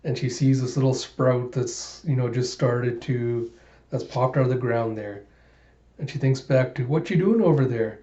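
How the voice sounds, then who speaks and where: A man narrating a comic readthrough in a casual, emotional and enthusiastic way. His voice is mellow and dark. The recording sounds roomy and slightly dull. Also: medium pitch, level tone, measured pace. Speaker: manga reader and vlogger.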